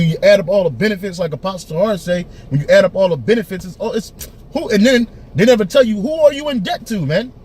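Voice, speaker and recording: High raspy guy preaching hard, keeps saying man. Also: darkish tone. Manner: emphatic, repeats "man", restarts phrases. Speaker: teacher. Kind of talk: preaching street-style commentary.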